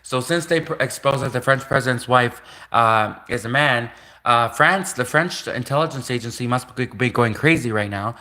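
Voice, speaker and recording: Rambling Canadian livestream host, mid-pitched man. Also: moderate pace, bright, forceful tone. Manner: digressive, laughs at own jokes, mock-quotes imagined critics. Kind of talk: rambling solo livestream chat.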